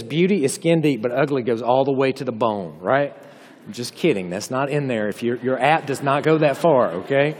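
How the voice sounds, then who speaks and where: A man with a Southern US accent preaching a humorous chapel sermon, folksy and full of joking asides to the audience. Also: on the high side. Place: chapel hall. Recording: long hall reverb.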